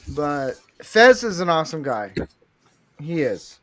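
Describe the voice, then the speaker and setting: Brief: crude, rambling male livestream host, slow-paced delivery, voice sits a bit high. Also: big pitch swings, fairly bright tone, slight background noise. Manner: foul-mouthed, rambling, self-described redneck. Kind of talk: casual crude chat while building Lego.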